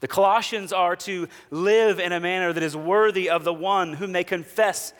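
A man's voice: high voice, steady tone, moderate pace, fairly bright tone, in a large hall. A man preaching a sermon, telling humorous stories and acting out the people in them before moving into scripture. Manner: humorous storytelling, acts out quoted characters. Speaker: pastor.

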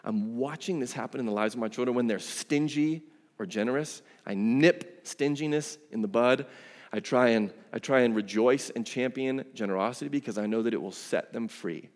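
A man's voice: mid-range voice, normal speed, big-room sound. A man preaching a sermon as pastor, conversational and emphatic, with casual asides. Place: church sanctuary.

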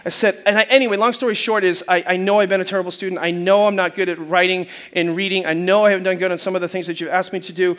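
Male pastor, very high voice, sermon, storytelling, loud bursts, call-and-response. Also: steady tone, very fast, few pauses, a little hiss or hum.

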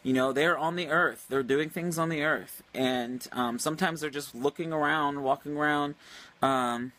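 Bright-voiced man telling a rambling story. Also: a little high, moderate pace. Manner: rambling and animated, with many fillers and restarts. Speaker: livestream host. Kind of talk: casual storytelling.

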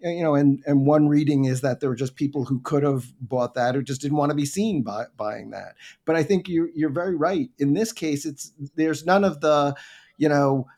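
Halting, thoughtful male interviewer. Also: fairly high pitch, darkish tone. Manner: thoughtful, halting, many restarts and fillers. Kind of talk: conversational interview.

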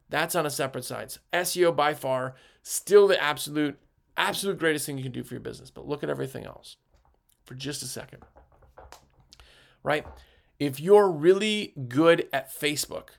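A man's voice: on the high side, creaky. A man talking on a podcast as a sales rep, giving a passionate pep talk that rambles with fillers and restarts. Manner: gets worked up, passionate. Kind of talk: energetic motivational podcast talk.

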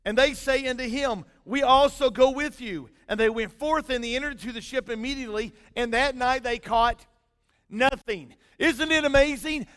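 A middle-aged man, preaching a sermon in a folksy storytelling way, his loudness rising and falling. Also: extremely high pitch. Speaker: pastor. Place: church sanctuary. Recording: long hall reverb.

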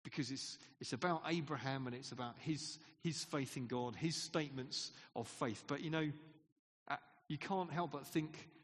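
Husky-voiced man preaching in a reverberant hall. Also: mid-range voice, moderate pace, a bit bright. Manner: conversational, asks the congregation questions, laughs often. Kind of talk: sermon. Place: church hall.

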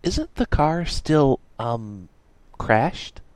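A man voicing a blunt, dim young man who speaks in a flat, matter-of-fact way. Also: on the high side, extremely slow, no echo, voice pushed up, exaggerated voice.

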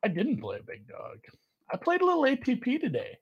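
A man's voice: wildly swooping pitch, fairly quick, gravelly, husky, dull audio. A man hosting a casual sports betting chat, rambling and poking fun at himself. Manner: rambling, self-mocking, jumps in pitch. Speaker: sports betting podcast host.

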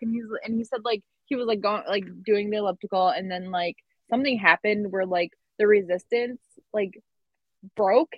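Casual chatty woman telling a story, medium pitch, dry muffled sound. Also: fairly quick, no room sound. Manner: rambling storytelling, lots of "like". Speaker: podcast co-host. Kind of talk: casual chat.

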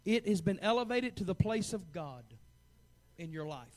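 A man in his forties preaching a fervent sermon as pastor, swinging from hushed asides to loud, urgent calls. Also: high voice, animated, normal speed. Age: 40s.

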